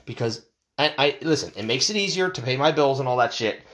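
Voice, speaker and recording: Guy ranting to the camera, pitch jumping all over, cussing and rambling. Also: brisk, slight background noise. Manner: animated, profane, rambling storytelling. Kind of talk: casual ranting monologue.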